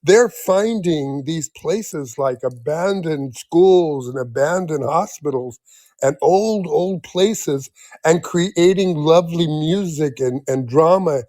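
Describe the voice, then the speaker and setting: An older man in his seventies spins a long personal story, circling back with restarts and breaking into laughter. His voice sits fairly high for a man. The sound is close and dry. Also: animated, takes it slowly, mellow, dry recording. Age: 70s. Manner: rambling, many restarts, laughs often. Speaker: guest. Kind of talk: casual storytelling in an interview.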